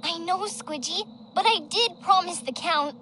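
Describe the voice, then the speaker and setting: A woman's voice: extremely high pitch, a little slow, pushed and bright, a little hiss or hum, exaggerated voice. A woman voicing a cheerful, confident young girl in a cartoon who loves spooky things. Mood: gleeful. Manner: bubbly, delighted. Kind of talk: cartoon voice acting. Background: music.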